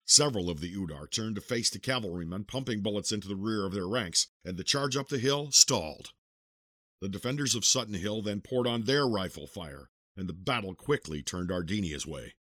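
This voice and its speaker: A man with a voice on the low side narrates an audiobook in a steady, measured storytelling style. He's recorded close to the mic with no room sound.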